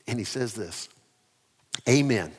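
A male pastor preaching with lively swings from loud, emphatic lines to hushed asides. His voice has a mid-range pitch, and it rings with the long echo of a church hall. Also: normal speed. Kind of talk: sermon. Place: church near ball fields and a parking lot.

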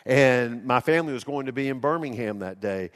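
A man's voice: mid-range voice, lively intonation, a little fast, long reverb tail. A man, preaching a sermon as a pastor in a folksy storytelling manner. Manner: folksy storytelling, acts out quoted voices.

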